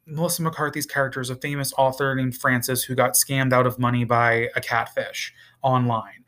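A man's voice: mid-range voice, a bit bright. Male vlogger, casual and profane, exasperated rambling delivery. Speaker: TV reviewer. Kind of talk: casual review vlog.

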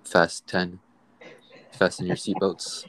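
A young man co-hosting a casual podcast, laid-back and slangy, often agreeing and adding dark jokes. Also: low-pitched, monotone, takes it slowly. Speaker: podcast co-host. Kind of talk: casual chat.

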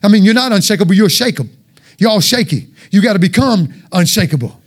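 A man's voice: sits high, lively intonation, fast talker. A man preaching an informal, joking sermon with call-and-response.

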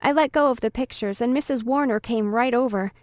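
A woman reading a first-person story aloud in an earnest, heartfelt manner. Her voice sits fairly high. It is recorded close on the mic with no room echo at all. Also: fairly quick, a little mellow. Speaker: audiobook narrator.

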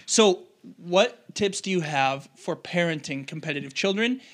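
A man hosting a casual podcast conversation, playful and self-mocking, quick to laugh at his own stories. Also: sits high, lively intonation, fairly bright tone. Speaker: podcast host.

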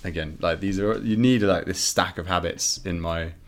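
A man's voice: sits low, normal speed. A man chatting as a podcast guest, thoughtful and musing. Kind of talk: casual conversation.

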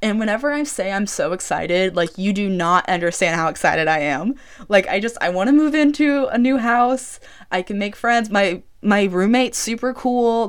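A young woman around twenty talks on her own podcast in a loose, rambling way. She fills her sentences with "like" and keeps the tone casual. Her voice sits at an ordinary middle pitch. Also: smooth. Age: about 20. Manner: chatty, rambling, heavy use of "like". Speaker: podcast host. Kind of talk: casual solo podcast chat. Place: small room she records in.

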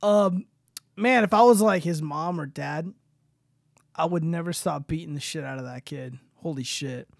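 A man's voice: a little high, normal speed, creaky, no echo, clean studio sound. A young man hosting a casual livestream, reading posts aloud and swearing freely in loose, rambling commentary. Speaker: streamer host.

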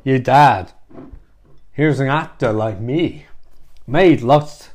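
A man putting on a deliberately poor impression of a famous male film actor, talking slowly and deadpan with odd pauses. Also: medium pitch. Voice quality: self-admittedly poor impression. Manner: slow, halting delivery with odd pauses.

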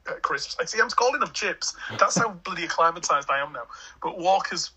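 A man in his forties with an English Hull accent, chatting as an interview guest. His voice is strongly forceful and husky. He rambles along with many fillers and restarts. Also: fairly high pitch, animated, fairly quick, rough recording. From England (Hull). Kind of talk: casual chat.

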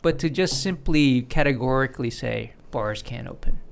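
A man's voice: mid-range voice, normal speed, creaky, a little hiss or hum. A man hosting a casual studio conversation, explaining his opinions at length with frequent restarts. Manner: opinionated, talks in long explanatory runs with restarts. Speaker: podcast host.

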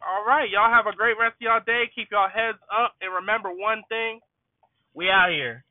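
High-voiced young man stuttering through a pep talk, tinny. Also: normal speed, no echo. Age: young adult. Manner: stuttering, repeats words, addresses listeners as y'all. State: tired. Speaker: student advocate and podcast host. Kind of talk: casual motivational monologue. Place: inside a car. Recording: tinny phone-like sound.

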